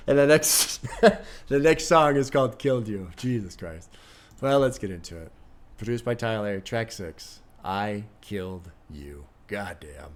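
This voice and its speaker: A man hosting a music reaction, talking through his thoughts in casual, reflective commentary. He swears often, and he is near tears. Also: fairly low pitch. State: near tears, emotionally moved.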